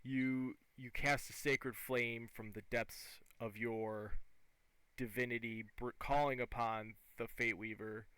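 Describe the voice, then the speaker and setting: A man leads a tabletop game as its master, painting each scene in lively detail. His voice is bright and forward, and the recording is dry and close. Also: medium pitch, slow, clean tone, no room sound, poor audio. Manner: lively, descriptive narration.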